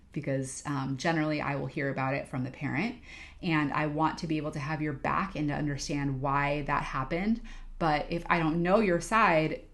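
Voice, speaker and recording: A woman in her thirties, an interim church children's director, giving volunteers a candid, chatty training talk. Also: deep voice. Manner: candid, chatty, frank about herself.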